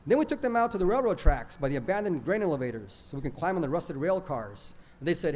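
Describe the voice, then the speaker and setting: A man's voice: on the high side, very animated, fast, hardly any pauses, a little mellow, a little hiss or hum. A man telling a childhood story plainly, dropping in Spanish words. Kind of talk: oral storytelling of a childhood memory.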